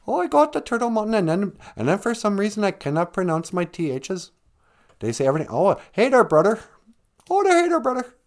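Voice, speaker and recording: A man putting on the voice of an adult man who talks very high in a sing-song way, chirpy and drawn out. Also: animated, fairly quick, darkish tone. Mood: cheery.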